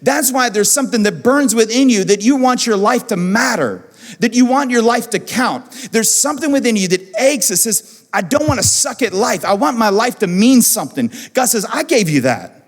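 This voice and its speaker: Animated pastor preaching in a hall. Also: male voice, extremely high pitch, normal speed. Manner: animated, repeats phrases for emphasis. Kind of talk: sermon. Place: church auditorium. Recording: long church hall reverb.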